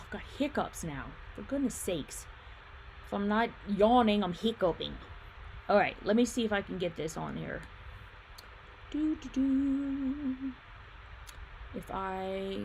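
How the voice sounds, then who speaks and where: A woman's voice: medium pitch, moderate pace, vocal fry, slight background noise. A woman hosting a casual livestream, chatting and thinking aloud as she reads viewer comments, laughing easily and humming while she fiddles with her screen. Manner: laughs easily, hums filler sounds. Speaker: livestream host and quilt shop owner.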